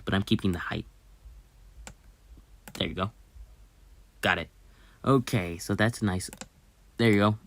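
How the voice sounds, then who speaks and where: A channel host browses while commenting casually into a desk microphone for a screen recording. Low-pitched, measured and pausing often, he mumbles half-words and fillers under his breath, then suddenly bursts out loud and excited.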